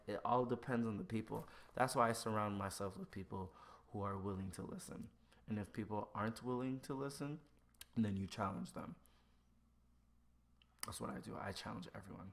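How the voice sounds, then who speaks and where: A man in casual conversation who acts out both sides of everyday exchanges with lively shifts in his voice. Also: on the low side. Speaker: podcast guest. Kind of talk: casual chat.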